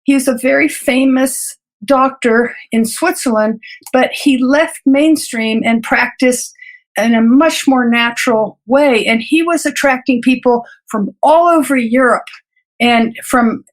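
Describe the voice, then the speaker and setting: A woman physician telling her personal story in an interview, earnest and reflective, with halting restarts and light laughs between thoughts. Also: high-pitched. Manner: halting restarts and repeated words. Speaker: physician guest.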